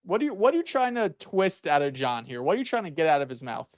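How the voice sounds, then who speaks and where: A man's voice: fairly high pitch, sing-song, fast, no echo, studio quality. Jokey man on a sports panel. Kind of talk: casual sports debate.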